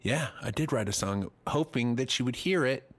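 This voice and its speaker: A man's voice: mid-range voice, animated, moderate pace. A man in his forties, co-hosting a casual comedy chat, rambling and self-deprecating with crude jokes. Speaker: podcast co-host.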